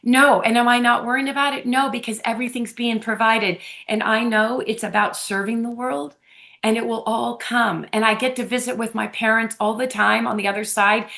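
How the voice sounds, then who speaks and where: A woman guest on an interview, telling personal stories in an effusive, animated way and laughing often, talking over a remote call. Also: a little high, moderate pace, vocal fry. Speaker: podcast guest, medium. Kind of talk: casual storytelling interview. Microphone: phone or remote call.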